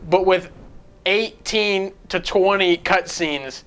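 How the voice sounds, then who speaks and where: A man's voice: sits high, slow pace, a bit bright, clear, resonant tone. Rambling man casually reviewing a game. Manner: rambling, profane, jumps between points.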